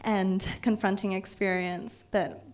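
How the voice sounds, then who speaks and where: A young woman whose first language is Vietnamese, giving a reflective personal talk at an art event, measured and dotted with ums. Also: mid-range voice, fairly even intonation. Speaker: artist giving a public talk.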